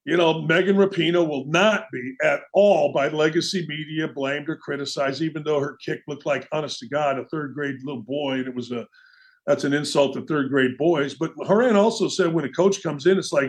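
A man's voice: fairly high pitch, normal speed. A man hosting a sports talk show, delivering a brash, opinionated monologue with mocking asides. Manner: brash, animated, mocking asides and quoted voices.

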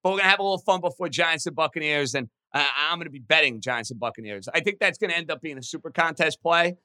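A man hosting a sports podcast in casual, excitable talk. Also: fast, dry recording. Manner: excitable, chatty, pitch jumps when animated.

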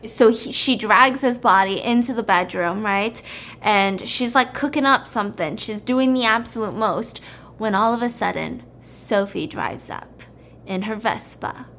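A woman chattily retelling a film plot to a friend, animated and checking in with her listener. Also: mid-range voice, unhurried, a little hiss or hum.

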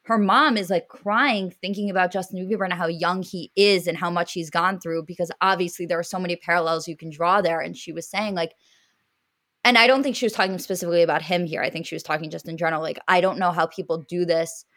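A woman co-hosting a podcast in casual chat, talking in quick, chatty bursts with many fillers. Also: on the low side, steady tone, fairly bright tone, no room sound, clean studio sound. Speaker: podcast co-host.

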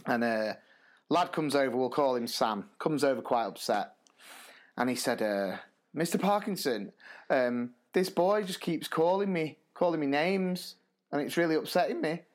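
Animated male teacher telling stories. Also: on the high side, normal speed. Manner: animated, laughs through stories. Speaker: podcast co-host, primary school teacher. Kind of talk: casual storytelling chat.

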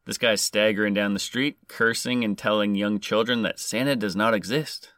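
A man's voice: on the low side, fairly even intonation, moderate pace, hardly any pauses, a bit bright, no echo, studio quality. A man hosting a podcast, reading a scripted story with crude, sarcastic jokes. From Canada. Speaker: podcast host.

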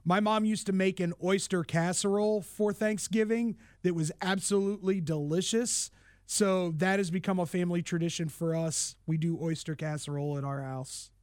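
A man's voice: sits high, fairly even intonation, normal speed, a little mellow, clean tone, no room sound, studio quality. A man who produces a sports talk show, chiming in with easygoing, jokey comments. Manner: easygoing, jokey, stumbles when laughing. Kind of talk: casual sports radio chat.

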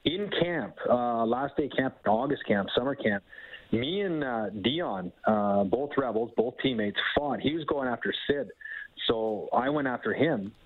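A man in his thirties from Canada, a hockey scout telling stories in a casual interview, animated and laughing often. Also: mid-range voice. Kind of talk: phone-in interview, casual storytelling. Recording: tinny phone line.

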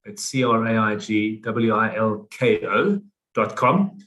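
A man's voice: lowish voice, takes it slowly, a bit bright. A South African man who is a guest on a podcast, speaking earnestly and repeating key phrases for emphasis. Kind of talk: interview conversation.

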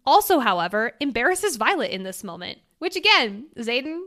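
A woman's voice: a little high, big pitch swings, moderate pace, bright, forceful tone. A young adult woman co-hosting a podcast, chatting casually about a book and swearing with emphatic feeling. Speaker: podcast co-host.

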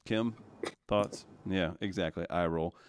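A man's voice: sits low, measured pace, a little hiss or hum. A man hosting a casual live-stream chat, reading out viewer comments and joking with his co-hosts, laughing often.

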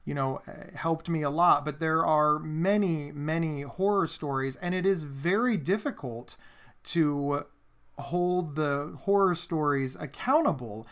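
A man hosting an interview, asking measured, empathetic questions. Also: fairly high pitch, a bit bright. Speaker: host.

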